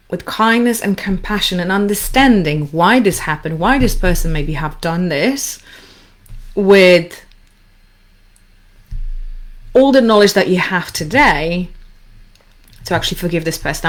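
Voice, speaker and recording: A woman coaching listeners through a guided forgiveness exercise, speaking calmly with slow, repeated instructions. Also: on the low side. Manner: calm, slow, repetitive instructions. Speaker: anxiety coach.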